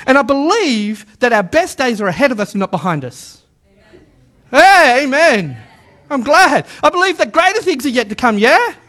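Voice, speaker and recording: A man preaching a sermon to a live congregation, animated, repeating words for emphasis and calling on the listeners to say lines back. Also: very high voice, moderate pace. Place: church service with a live congregation.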